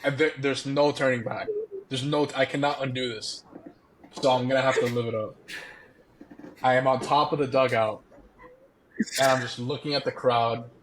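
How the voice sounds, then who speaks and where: A man's voice: mid-range voice, steady tone, moderate pace, pauses often, a little hiss or hum. A young man, a former college baseball player, animatedly telling a story as a podcast guest, often laughing. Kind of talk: casual storytelling.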